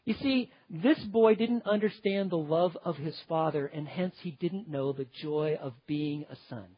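A man with a high, husky voice delivers an earnest sermon, stressing one word after another as he builds long lists. The sound is dry and a little dull, with a lo-fi edge. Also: a little slow, no room sound. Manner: emphatic, earnest, piles up lists of words. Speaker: preacher.

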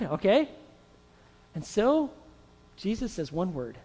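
A pastor preaching a sermon to his church, telling stories with animated delivery and acting out voices. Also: sits high, normal speed, breathy edge, in a large hall.

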